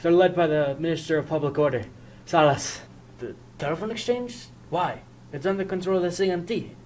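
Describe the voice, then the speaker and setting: A student performing every role in a homemade audio drama, swinging between hushed lines and loud outbursts. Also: mid-range voice, fairly quick, a little hiss or hum, poor audio.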